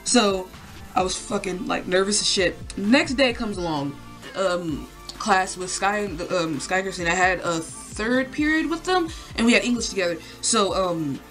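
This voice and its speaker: A woman's voice: medium pitch, animated, normal speed, a bit bright, soft background music. A young woman telling a story to camera in a casual, rambling way, full of fillers and swearing. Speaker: vlogger.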